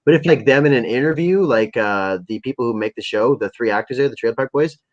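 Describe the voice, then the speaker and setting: A man hosting a casual livestream, rambling through stories with plenty of swearing and filler words. His voice sits at an ordinary middle pitch. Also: fast, lo-fi sound. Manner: rambling and profane, with many fillers. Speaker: livestream host. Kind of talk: casual chat.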